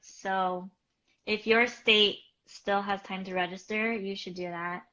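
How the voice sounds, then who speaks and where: A woman's voice: mid-range voice, fairly even intonation, slow, pushed and bright, lo-fi sound. A woman co-hosting a casual live-stream chat, answering viewer questions in a chatty way full of fillers. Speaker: co-host.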